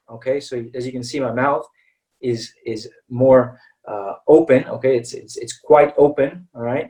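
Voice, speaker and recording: An American man of middling pitch teaches pronunciation in an online class. He stretches each vowel slowly and keeps asking "okay?" to check that the class is following. His voice comes from a little way back from the microphone, as on a laptop call. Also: warm tone, recorded from a distance, poor audio. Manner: patient, checks in with "okay?" after nearly every phrase; slows down to model vowel sounds. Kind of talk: webinar lesson.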